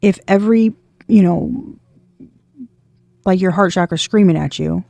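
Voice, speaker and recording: A woman with a low, gravelly voice and a dark, mellow tone delivers a casual tarot reading straight to her viewers. She talks emphatically, keeps circling back to the same points and swears without a second thought. The sound is dry and close, with no room around it. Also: a little slow, no room sound, lo-fi sound. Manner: emphatic, repetitive, swears freely. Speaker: tarot reader.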